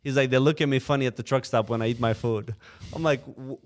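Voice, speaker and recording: Animated man telling trucking stories. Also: medium pitch, fast talker. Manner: animated anecdote-telling, acts out quoted drivers, frequent "you know". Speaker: trucking company co-owner, podcast guest. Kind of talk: casual storytelling. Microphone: podcast microphone.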